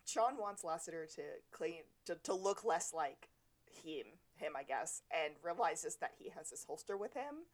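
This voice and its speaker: Lower-voiced rambling woman podcaster. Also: lively intonation, moderate pace. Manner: chatty, rambling, self-correcting. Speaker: podcast co-host. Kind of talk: casual recap chat.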